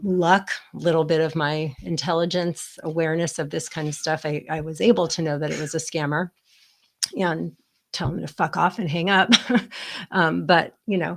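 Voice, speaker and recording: A middle-aged woman with a low voice and a gravelly fry tells a personal story in a relaxed, chatty way. She fills her talk with "um" and "like" and acts out the quotes with animation. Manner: chatty, many fillers, animated quoting. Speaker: co-host, the host's daughter. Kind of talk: casual conversational storytelling.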